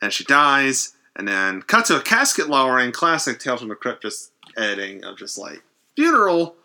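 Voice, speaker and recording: A man in casual chat, recapping a horror episode in an animated way and acting out quotes. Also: mid-range voice, normal speed. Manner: animated, acts out quotes in varied voices, swears freely.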